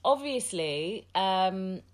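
A woman's voice: mid-range voice, expressive, extremely slow. A woman hosting a podcast, talking casually, blunt and outspoken and swearing freely. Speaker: podcast host. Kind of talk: casual conversation.

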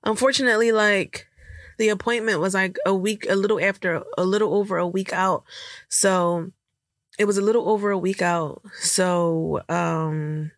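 A woman's voice: mid-range voice, fairly even intonation, moderate pace, dry recording, studio quality. A young woman hosting a candid podcast, telling a personal story while choked up and tearful, with lots of rambling fillers. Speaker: podcast host.

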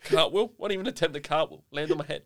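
A man co-hosting a casual sports podcast, talking in dry, deadpan, clipped replies. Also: a little high, fast. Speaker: podcast co-host. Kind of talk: casual chat.

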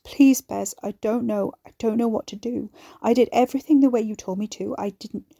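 A woman's voice: on the high side, a little fast, creaky, dark tone, husky, dry recording, studio quality. A woman voicing a frightened, grieving young man who pleads in a breaking, whispery voice. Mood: pleading.

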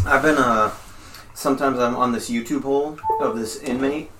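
A man's voice: medium pitch, fairly even intonation, moderate pace, bright, forceful tone, slight background noise. A young man wisecracking in podcast banter, often mimicking other people. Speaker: podcast co-host. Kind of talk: casual banter.

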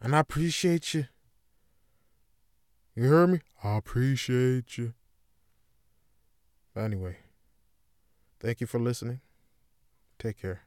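A man hosting a solo podcast, rambling through a profane comedic monologue that swings between loud bursts and low mutters. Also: clean tone, dry recording, clean studio sound. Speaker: podcast host.

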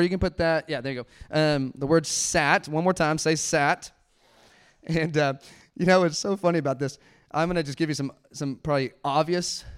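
A young man with a smooth, clear voice preaches a relaxed sermon to a congregation. He is conversational and playful, laughs easily, and slips into a soft, hushed tone when he demonstrates quiet prayer. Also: fairly high pitch. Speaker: pastor. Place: church sanctuary before a congregation.

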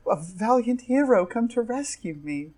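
A man's voice: very high-pitched, animated, normal speed, darkish tone, pitched above the performer's own voice. A man voicing a sweet, lovesick young princess with a theatrical, swooning manner.

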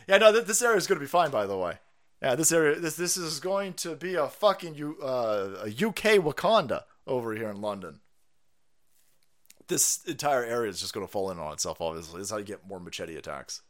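Sarcastic, swearing man with animated pitch. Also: a little fast. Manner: sarcastic, swears a lot, laughs at his own jokes. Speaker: live-stream commentator. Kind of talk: profane political rant.

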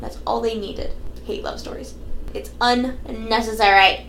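Young adult woman, podcast co-host, excitable, swears a lot, fairly high voice, echoey room. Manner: excitable, swearing, quick to exclaim. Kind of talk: casual movie-watching chat. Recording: echoey room, faint noise.

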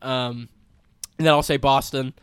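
A man's voice: mid-range voice, steady tone, smooth, no echo, studio quality. A man co-hosting a podcast, chatting casually with blunt opinions and a playful manner. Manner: blunt, playful, quick to laugh. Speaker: podcast co-host. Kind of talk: casual chat.

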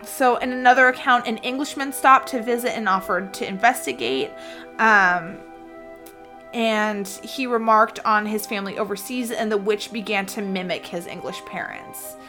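A woman hosting a podcast, telling a story in a relaxed, chatty way with lots of fillers. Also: medium pitch, moderate pace, faint music behind. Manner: relaxed, many fillers, laughs often. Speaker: podcast host. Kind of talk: casual storytelling chat.

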